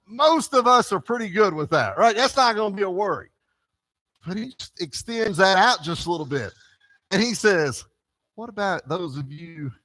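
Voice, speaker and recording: A middle-aged man teaches a Bible class, his fairly high voice swooping up and down with lively expression. His tone is bright and forward, and he talks in a folksy, chatty way, often checking in with "right?". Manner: folksy, animated, chats with listeners and asks "right?". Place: church classroom.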